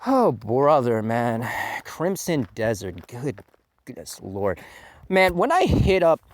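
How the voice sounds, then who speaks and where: A man in mid-range pitch tears into a game in a rant full of cursing and mock outrage. His voice swings wildly up and down, breaking into yells and then sinking to low mutters. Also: very animated, slow pace, no room sound. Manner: profane, exaggerated outrage with bursts of yelling; lurches between loud outbursts and low mutters. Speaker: game reviewer. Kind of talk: ranting game review.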